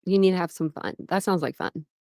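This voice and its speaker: A woman's voice: fairly low pitch, brisk, a little mellow, no room sound, studio quality. A woman hosting a casual livestream from home, chatting loosely, greeting viewers by name and laughing often. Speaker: livestream host.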